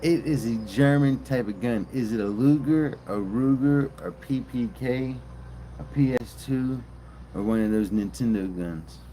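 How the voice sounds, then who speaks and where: A man's voice: medium pitch, measured pace, mellow, a little hiss or hum. A man streaming live, rambling and joking in casual chat and swearing freely.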